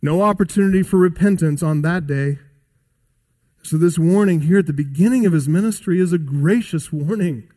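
A man's voice: fairly high pitch, normal speed, mellow. A man preaching a sermon, emphatic and asking the listeners rhetorical questions. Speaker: pastor.

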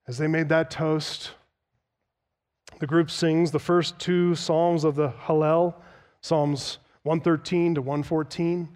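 A man preaching an expository sermon in a reverberant church hall, his voice pitched a little high for a man. He speaks with emphasis, pausing to explain key terms and quote older sources. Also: a little mellow. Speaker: pastor.

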